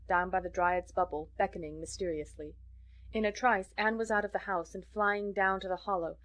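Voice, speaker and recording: A woman narrating a classic novel as an audiobook, measured and expressive. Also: mid-range voice. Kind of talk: scripted narration.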